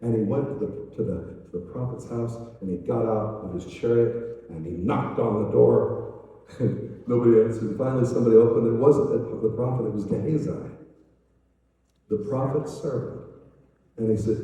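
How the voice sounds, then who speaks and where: An older man, an evangelist preaching a sermon, telling a story in an animated way and acting out its voices. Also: medium pitch, normal speed. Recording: echoey hall, voice from a distance.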